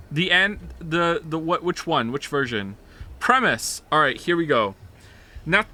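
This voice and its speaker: A male game streamer chatting to his viewers between play. His voice sits high and jumps around animatedly. He rambles, swears freely and reacts with incredulous disbelief. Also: pushed and bright. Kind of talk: live game stream chat.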